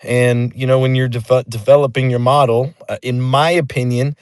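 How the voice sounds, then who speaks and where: A man's voice: medium pitch, steady tone, moderate pace, darkish tone, clean tone, no echo. A man hosting a casual chat, swearing freely and tagging his points with "right?". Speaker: host.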